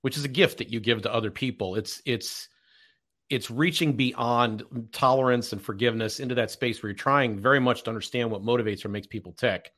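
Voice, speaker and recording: A man's voice: medium pitch, fairly quick, fairly bright tone. A man hosting a podcast interview, thoughtfully reflecting and rephrasing his points as he talks. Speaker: podcast host. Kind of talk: casual interview chat.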